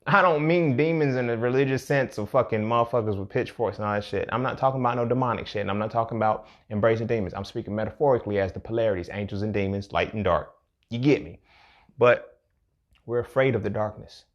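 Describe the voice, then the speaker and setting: A man's voice: lowish voice, fast, lo-fi sound. A man hosting a show, talking casually and reflectively, with lots of profanity and streetwise phrasing. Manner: profane, streetwise, reflective, says "you feel me" often. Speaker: podcast host. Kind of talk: casual personal monologue.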